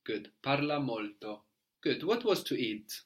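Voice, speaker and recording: A man's voice: mid-range voice, very animated, measured pace. Patient male language teacher. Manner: patient, prompting, spells words letter by letter; often ends with a checking "no?". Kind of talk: guided language lesson.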